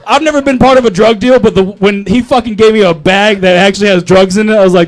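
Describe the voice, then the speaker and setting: A man's voice: sits high, fast, few pauses. A young man doing a crude, rambling open mic stand-up set on a comedy club stage, talking into a handheld mic.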